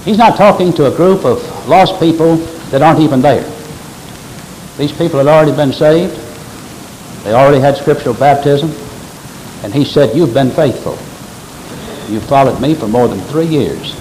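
A man's voice: medium pitch, a little mellow, a little hiss or hum, poor audio. A man preaching a sermon, explaining scripture with emphatic stress and quoting verses aloud.

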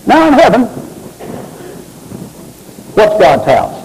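A pastor whose high voice has a darkish tone delivers a slow sermon full of long pauses and huge pitch swings. He reads scripture and calls on congregation members by name, his emphasis swooping. The recording is rough.

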